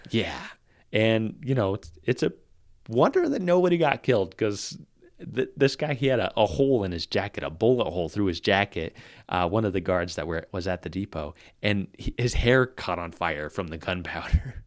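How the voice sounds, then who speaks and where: Lower-voiced man telling history casually. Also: moderate pace, no echo, clean studio sound. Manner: animated, reads old newspaper quotes with relish. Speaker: podcast host. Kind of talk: casual storytelling about history.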